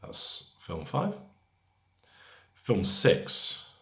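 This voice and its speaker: A man hosting a pub quiz in a lowish voice, reading each question slowly and then repeating it. He drifts into chatty asides between questions. The room around him is echoey. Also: animated. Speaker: quiz host.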